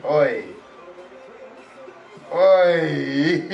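A young man hosting a casual reaction video, excitable and exclaiming in slang, recorded in a roomy space away from the mic. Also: on the high side, unhurried, highs cut off, soft background music. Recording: roomy echo, distant from mic.

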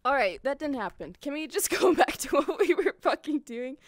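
A young woman streaming a VR horror game, jumpy and quick to yelp and swear at each scare. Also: sits high, big pitch swings, no echo, studio quality. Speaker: VTuber streamer. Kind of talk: horror game livestream commentary. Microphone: headset in VR.

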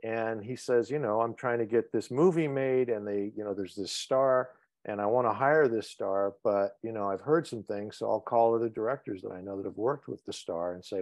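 A man's voice: fairly low pitch, normal speed, few pauses, a little mellow, no room sound. A man from Cambridge, Massachusetts, hosting a podcast in casual, joking chat and telling stories with swearing. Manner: joking, swearing, playful storytelling. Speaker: podcast host.

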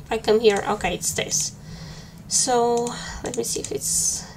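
A woman streams a game with casual, joking let's-play commentary and flustered muttering. Her voice is fairly high with fairly even intonation, a little slow and darkish in tone, over slight background noise.

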